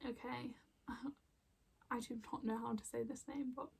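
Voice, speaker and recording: A young woman giving an emotional oracle card reading at home, soft and rambling with many fillers. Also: fairly high pitch, steady tone, a little slow, gravelly, breathy edge. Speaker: spiritual card reader. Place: home room with plants.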